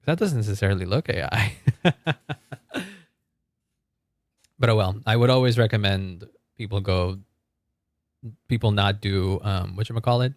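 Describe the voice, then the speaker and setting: A man's voice: on the low side, unhurried, long pauses, no echo, studio quality. A man streaming a game and chatting casually with his viewers. He rambles, restarts his sentences and laughs often. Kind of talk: casual live-stream chat.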